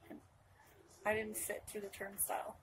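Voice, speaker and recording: A woman's voice: medium pitch, completely flat delivery, moderate pace, slight background noise, low-quality recording. A young woman from Northern California telling a personal story to camera in a rambling way, full of restarts and asides. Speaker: vlogger.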